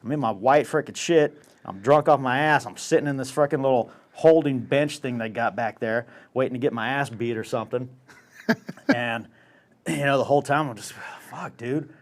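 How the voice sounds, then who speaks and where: A man's voice: mid-range voice, normal speed. A young man telling a rowdy anecdote in casual chat, swearing constantly and acting out other people's lines. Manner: profane, animated, acts out voices in anecdotes. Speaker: podcast host. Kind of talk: casual storytelling.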